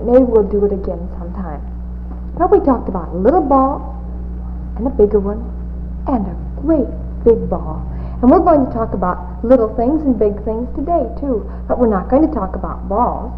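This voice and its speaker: A woman hosting a children's TV show, talking slowly and coaxingly to small children in a sing-song way, with many little questions. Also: fairly high pitch. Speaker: children's TV hostess. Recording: tinny, hissy 1950s TV audio.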